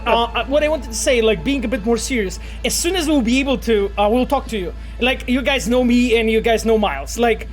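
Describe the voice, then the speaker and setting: A man chatting casually on a game stream, rambling with many fillers and frequent laughs. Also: extremely high pitch. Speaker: streamer and quest director. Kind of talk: casual stream chat while gaming.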